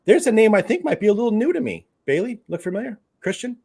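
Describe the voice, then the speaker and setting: Loud guy hosting a stream, jokey, voice all over the place. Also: sits high, big pitch swings, fast, gravelly, slightly rough. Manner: loud, joking, laughs often. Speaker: livestream host. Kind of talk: casual live stream chat.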